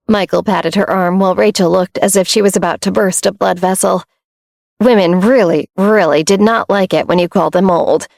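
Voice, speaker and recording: A woman narrating an audiobook in a steady, even storytelling voice of middle pitch. The recording is dry and close, with no room sound. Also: normal speed, creaky, no room sound.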